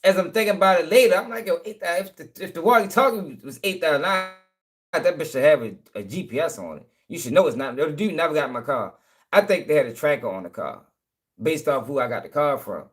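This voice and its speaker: A man's voice: a little high, expressive, quick pace. A man telling a long, rambling story in casual talk, full of swearing and check-ins with his listeners. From Baltimore, USA.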